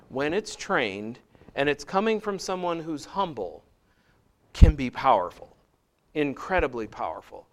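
Middle-aged male Bible teacher, casual and conversational, with emphatic scripture readings. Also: a little high. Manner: relaxed and conversational, with frequent restarts and asides; reads scripture aloud in a rising, emphatic voice.

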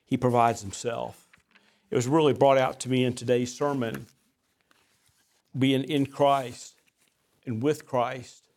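A pastor delivers a sermon in a medium-pitched, slightly mellow voice. He mixes folksy, self-deprecating stories told conversationally with emphatic scripture reading.

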